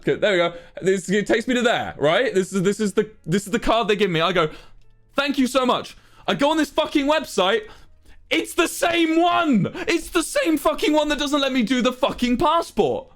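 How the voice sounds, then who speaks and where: Exasperated high-voiced young man ranting. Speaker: streamer. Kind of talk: casual storytelling to stream chat.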